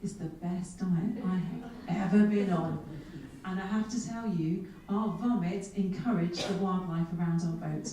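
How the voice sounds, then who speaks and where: A woman's voice: fairly low pitch, unhurried. A woman, giving a humorous keynote talk full of self-mocking asides. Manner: lively, self-mocking storyteller with comic asides. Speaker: keynote speaker. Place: large conference hall. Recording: echoey hall, speaker far from mic.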